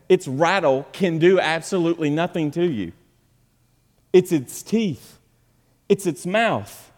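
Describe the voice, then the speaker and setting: A man preaching a sermon in a high, bright voice, swinging from forceful, emphatic peaks down to quiet, low asides. The sound carries a long reverb from a large church hall. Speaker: pastor. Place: church sanctuary.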